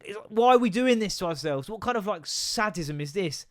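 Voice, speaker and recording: A man's voice: high voice, lively intonation, fairly quick. Sweary man ranting on a podcast. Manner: ranting, sweary, self-mocking. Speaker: podcast host and comedian. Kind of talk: solo comedy podcast rant.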